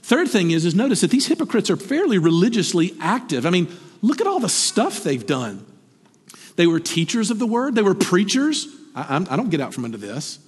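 A middle-aged man delivers a sermon in an animated, conversational way, throwing rhetorical questions to his congregation. His voice sits high and a little husky, with lively swings of pitch. It rings out with a long reverb, like a church sanctuary. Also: a little fast. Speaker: pastor.

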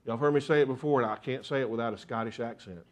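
A man's voice: medium pitch, rapid-fire. A man preaching a sermon, earnest, with repeated rhetorical questions. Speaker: pastor.

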